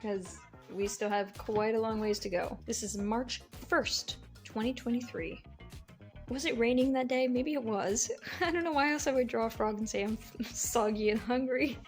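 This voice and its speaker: A woman's voice: a little high, normal speed, soft background music. A young woman casually talking through her sketchbook as an artist vlogger, chatty and giggly, rambling with lots of fillers. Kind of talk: casual sketchbook tour narration.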